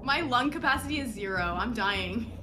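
A woman chatting excitedly while playing a video game with friends, squealing and playful. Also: a little high, moderate pace, a little hiss or hum, rough recording. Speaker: gaming guest. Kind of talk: casual gaming chat.

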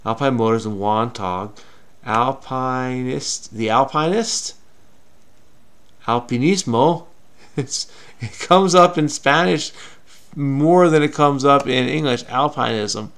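A man's voice: medium pitch, takes it slowly, a bit bright, clean tone. A man hosting a crossword-solving video, talking frenetically and muttering to himself as he searches. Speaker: crossword solver. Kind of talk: casual puzzle-solving commentary.

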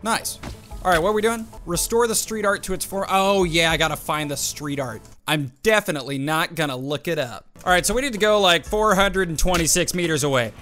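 Excitable young male let's-player, high and bright tone, faint game music behind. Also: a little fast. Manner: excitable, exclaiming, laughing. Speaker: gaming video host. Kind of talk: let's play commentary.

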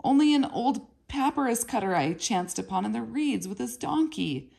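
A skinny, frightened boy pleads and stumbles over his words, as a woman reading a storybook puts him on. His voice rises thin and husky when he is cornered. He sounds small and desperate. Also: sits low, normal speed, darkish tone.

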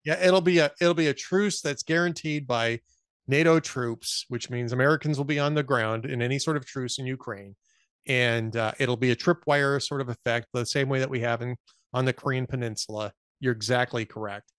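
A man's voice: medium pitch, fairly even intonation, moderate pace, a bit bright, clear, resonant tone, dry recording, studio quality. A man hosting a podcast, chatting casually about politics with a guest and telling wry jokes. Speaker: podcast host.

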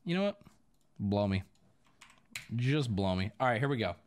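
A man's voice: lowish voice, expressive, moderate pace. A young man streaming live, flustered and swearing while he fixes his audio, breaking into laughter.

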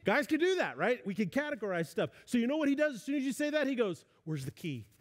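This sermon comes fast from a middle-aged man with an extremely high, expressive voice. Keeping his preaching conversational, he plays the parts of both spouses.

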